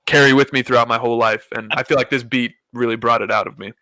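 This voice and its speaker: An easygoing young man talks loosely in a casual interview, wandering as he explains his music. His voice is bright and forward. It is recorded dry and close. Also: mid-range voice, steady tone, fast talker, no room sound, poor audio. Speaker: guest musician.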